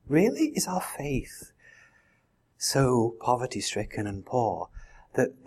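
A man's voice: lowish voice, slightly rough. A man preaching a sermon in a conversational way, full of rhetorical questions. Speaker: pastor.

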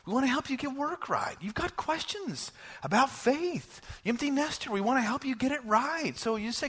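A male pastor preaching a sermon to his church, animated and joking, acting out the voices of the people he quotes. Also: very high-pitched, normal speed, breathy edge. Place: church service.

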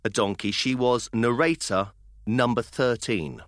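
A British man co-hosting a dads' podcast, telling a story in a casual, expressive way. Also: mid-range voice, measured pace, no room sound, clean studio sound. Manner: animated, expressive. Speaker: podcast co-host.

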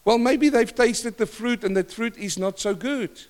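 An older man preaching a sermon in church, questioning the congregation and swinging between loud and soft. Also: high voice, fairly even intonation, normal speed, clear, resonant tone. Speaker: pastor.

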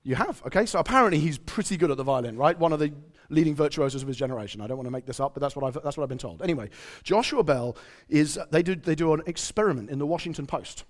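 Male preacher, conversational sermon, high voice, very lively pitch. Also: fast talker. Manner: conversational, quizzes the audience, storytelling.

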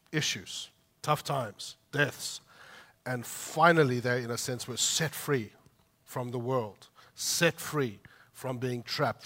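A man preaching a heartfelt sermon, swinging between loud emphatic peaks and soft, quiet asides in a conversational way. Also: medium pitch. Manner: conversational asides with light laughs. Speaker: pastor.

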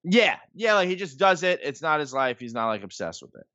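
Fairly high-pitched with big swings, fairly quick and sharp-toned, this voice has no room sound. It belongs to a podcast guest in his thirties who tells casual, rambling stories full of "like" and "um," recorded as dull lo-fi podcast audio.

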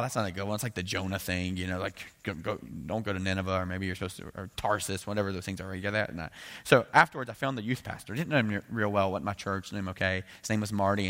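A man's voice: low voice, a bit bright. A man preaching a sermon, telling a candid personal story in a conversational way with many asides. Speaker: pastor.

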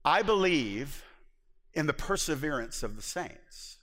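High bright-voiced preaching man. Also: sing-song, unhurried. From Southern US. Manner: earnest, emphatic preaching. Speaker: pastor. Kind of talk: sermon. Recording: long hall reverb.

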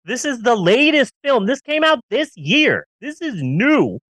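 A man's voice: very high voice, very animated, unhurried, fairly bright tone, dry recording. A man co-hosting a casual movie-review podcast, ranting sarcastically and riffing with jokes. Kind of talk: casual comedic film review chat.

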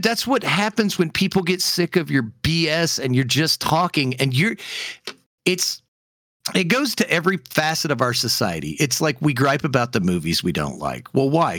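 A man's voice: on the high side, a bit bright, no echo, studio quality. A man co-hosting a podcast, ranting heatedly in casual chat with frequent fillers. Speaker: podcast co-host.

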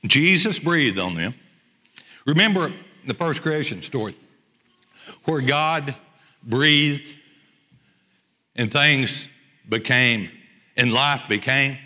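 Bright-voiced preacher in a hall. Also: male voice, medium pitch, lively intonation, slow pace, long pauses. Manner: emphatic, repeats key phrases. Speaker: pastor. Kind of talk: sermon. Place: church sanctuary. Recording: long church hall reverb.

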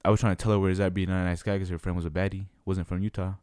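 This is a young man telling a rambling story in casual chat, full of slang, who keeps slipping into other people's voices as he goes. His voice sits a bit low and he talks fast. The recording is close and dry, with no room sound. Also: level tone, a little mellow, no room sound. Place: Utah.

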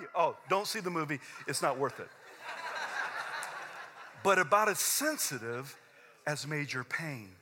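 A middle-aged man, a pastor preaching a sermon, intense and conversational, swinging from loud fervent peaks to low quiet asides with stammered restarts. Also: animated, normal speed, long pauses, husky.

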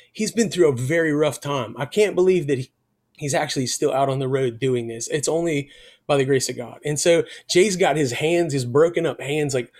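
A middle-aged worship musician telling a personal story in an interview, earnest and emotional, his voice going soft when he speaks of faith. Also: fairly high pitch.

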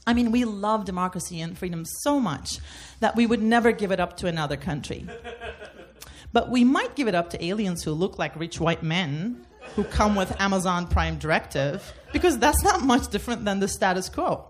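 A woman's voice: mid-range voice, animated, normal speed, a little hiss or hum. A woman from Turkey doing a comedic debate bit, laughing through her jokes.

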